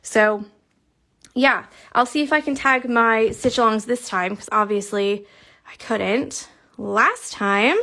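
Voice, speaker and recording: A woman's voice: on the high side, takes it slowly, bright, forceful tone. A woman hosting a stitch-along video, chatting casually and encouragingly with lots of fillers and muttered asides. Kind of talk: casual chat while showing her screen.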